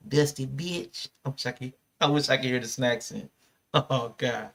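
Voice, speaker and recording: A man's voice: medium pitch, moderate pace, gravelly. A man co-hosting a casual podcast who jokes and acts out what people said. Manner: joking, animated, acts out quotes. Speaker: podcast co-host. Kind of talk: casual chat.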